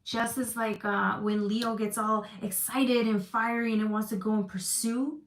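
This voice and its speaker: A woman's voice: on the high side, fairly even intonation, normal speed. A woman giving a casual livestream tarot reading, chatty and loose with slang, answering comments from her chat. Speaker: tarot reader. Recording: echoey room with faint noise.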